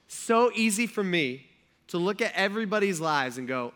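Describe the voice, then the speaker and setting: A man's voice: high voice, normal speed. A man preaching a sermon in a casual, conversational way, acting out quotes as he talks. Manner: conversational and animated, acts out quotes. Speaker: pastor.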